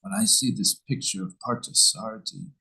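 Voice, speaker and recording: A man voicing a humble, illiterate devotee who speaks softly and earnestly in a retold story. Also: medium pitch, sing-song, normal speed, creaky, exaggerated voice, poor audio.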